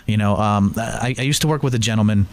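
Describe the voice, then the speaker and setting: A man's voice: lowish voice, fast talker, a little mellow. A man hosting an interview show, chatting earnestly and telling stories from his own life. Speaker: talk show host. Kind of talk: conversational interview.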